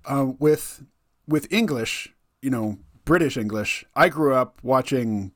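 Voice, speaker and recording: A man's voice: mid-range voice, expressive, slow, no room sound, clean studio sound. A man hosting a podcast interview, chatting casually with lots of "you know" fillers. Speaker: podcast host.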